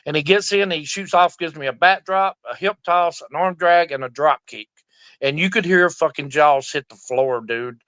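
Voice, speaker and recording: Rowdy, profane middle-aged man with a bright voice. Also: on the high side, moderate pace, dry recording. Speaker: guest, veteran pro wrestler. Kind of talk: casual storytelling interview.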